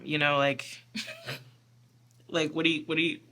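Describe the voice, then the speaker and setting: A woman's voice: low-pitched, huge pitch swings, a little slow, bright, forceful tone. A woman giving a casual pick-a-card tarot reading, chatty and giggly, full of filler "like"s. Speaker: tarot reader.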